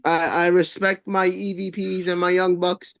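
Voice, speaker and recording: A man's voice: sits high, flat delivery, moderate pace, vocal fry, fairly bright tone. A man co-hosting a podcast in casual wrestling chat, hesitant and stumbling over words, with crude jokes. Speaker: podcast co-host. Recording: dull lo-fi sound.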